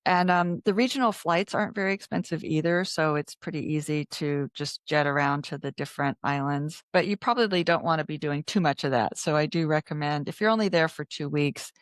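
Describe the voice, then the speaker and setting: A woman talks in a loose, chatty interview way. Her voice is smooth and resonant, and the sound is dry and close. She restarts words and fills pauses as she goes. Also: deep voice, dry recording. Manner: chatty, restarts words often, many fillers. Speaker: travel author guest. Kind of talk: casual interview chat.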